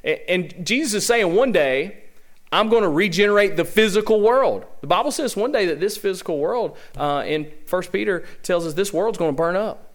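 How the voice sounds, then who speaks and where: A Southern American pastor preaching from the pulpit in his church sanctuary, firing rhetorical questions at the congregation. His voice sits a little high and swings widely in pitch as he presses each point. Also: expressive, moderate pace. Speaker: senior pastor. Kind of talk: sermon.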